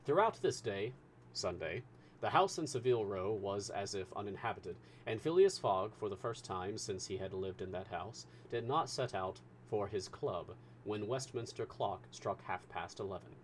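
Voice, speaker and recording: A man reading a classic novel aloud as a storyteller, with measured, expressive narration. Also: on the low side, a little hiss or hum.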